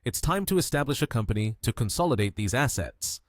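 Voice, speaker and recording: A man voicing an excitable, newly rich young hero in a comic recap. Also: mid-range voice, brisk, dry recording, clean studio sound, lightly acted. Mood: musing.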